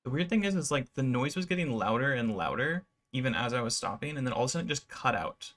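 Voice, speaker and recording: A man giving relaxed, rambling commentary over his gameplay, with many fillers. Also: mid-range voice, fast. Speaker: gaming YouTuber.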